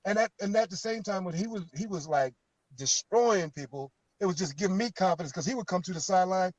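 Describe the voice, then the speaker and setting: High-voiced man telling football stories. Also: fast, poor audio. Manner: storytelling, animated when quoting teammates. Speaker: guest, former pro football player. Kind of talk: casual phone interview.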